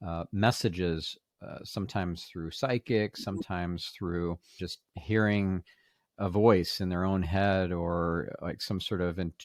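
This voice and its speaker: A man hosting an interview podcast, talking haltingly with frequent pauses. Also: deep voice, fairly even intonation, no echo, studio quality. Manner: halting, many fillers and restarts. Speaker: podcast host.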